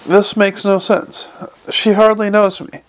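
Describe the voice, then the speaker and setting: A man voicing a quick, flustered young con man with raised, exasperated replies. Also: high voice, flat delivery, pitched above the performer's own voice.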